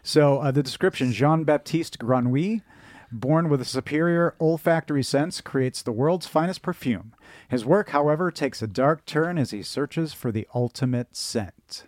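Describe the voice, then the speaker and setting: A man's voice: fairly high pitch, moderate pace, a little mellow, dry recording, clean studio sound. A Midwestern American man in his forties co-hosting a casual podcast, rambling and self-deprecating with lots of restarts. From Michigan, United States. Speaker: podcast co-host. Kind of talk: casual chat.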